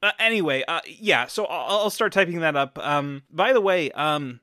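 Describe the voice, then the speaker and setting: A man doing an eager young assistant who never stops talking, bright and a little sharp in tone, rambling and self-deprecating. The sound is close and dry, with no room around it. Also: a little high, lively intonation, normal speed, no room sound, voice pushed up. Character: rambling young male assistant, aspiring improv comic. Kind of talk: improvised comedy scene.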